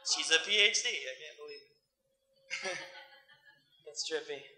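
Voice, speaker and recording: A man's voice: fairly high pitch, unhurried, sharp tone. A young man doing stand-up comedy in a small club, rambling in a laid-back, slangy way. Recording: echoey 1980s club recording.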